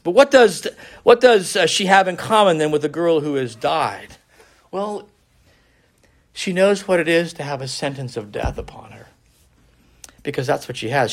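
A man preaching a sermon in an earnest, searching way, his voice sitting a little high for a man. He often restarts his phrases as he reasons aloud and quotes scripture. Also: a bit bright. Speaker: pastor.

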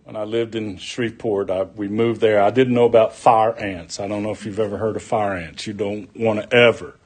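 A man preaching a sermon, deliberate and folksy, mixing scripture with homespun stories. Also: on the low side, steady tone, husky.

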